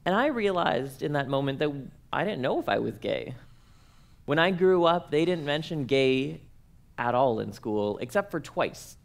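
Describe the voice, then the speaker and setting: A man's voice: a little high, expressive, moderate pace, vocal fry. A young man, speaking at a workshop and telling comic personal stories in a playful, self-mocking way, acting out the dialogue.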